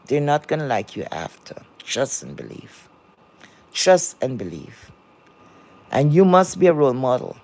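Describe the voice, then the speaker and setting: A woman's voice: sits low, darkish tone. A woman moderating a livestream chat, lecturing and scolding viewers in a blunt, profane rant.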